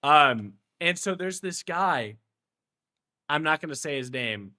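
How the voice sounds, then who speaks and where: Goofy, slangy young man with a bright voice. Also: fairly high pitch, animated, slow. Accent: Houston. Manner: playful, goofy, slangy, laughs often. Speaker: streamer. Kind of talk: casual chat with stream viewers.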